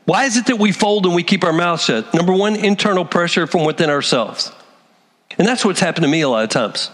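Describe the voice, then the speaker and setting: A man preaching a sermon, animated, acting out the voices of people he quotes. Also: sits high, fairly quick, in a large hall. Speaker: pastor.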